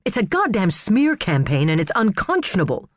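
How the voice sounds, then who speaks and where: A man voicing a furious, sharp-tongued female prosecutor who speaks in a biting, indignant way. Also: high voice, big pitch swings, normal speed, no echo, studio quality, pitched above the performer's own voice.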